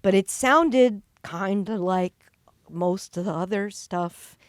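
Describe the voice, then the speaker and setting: A woman's voice: medium pitch, slow pace, dry recording. A woman in her thirties hosting a podcast in casual chat, blunt and joking, swearing now and then. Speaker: podcast host.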